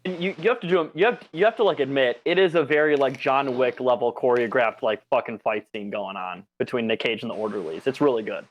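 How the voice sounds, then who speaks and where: A man co-hosting a podcast, chatting in an excitable, stammering way. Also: medium pitch, fairly quick, few pauses, dull audio. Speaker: podcast co-host. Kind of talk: casual chat.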